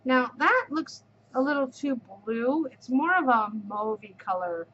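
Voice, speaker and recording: A middle-aged woman with a fairly high voice chats casually as she shows off her yarn, gushing and repeating herself. The sound is a little muffled and dull, with faint room hiss behind her. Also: animated, measured pace, fairly bright tone. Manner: gushing, effusive, repeats words. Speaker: knitting podcast host. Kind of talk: casual show-and-tell chat.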